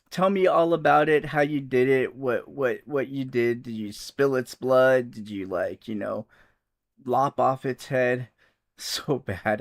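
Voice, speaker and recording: A man's voice: fairly high pitch, vocal fry. A man hosting a casual livestream, joking with his chat and laughing often. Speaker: livestream host.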